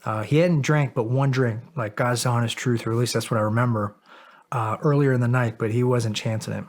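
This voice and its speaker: A man's voice: medium pitch, brisk. A middle-aged man, a podcast guest, telling a long story in casual, profane, self-mocking style. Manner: animated, profane, laughs at himself.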